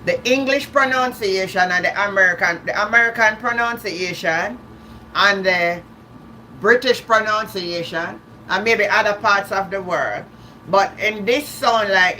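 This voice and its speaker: A woman chats loosely with viewers on a livestream, restarting her sentences and laughing along the way. Her voice is bright and ringing, with a faint hiss behind it. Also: mid-range voice, a little slow. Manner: chatty, repeats and restarts words, laughs often. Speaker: livestream host. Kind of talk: casual live-stream chat.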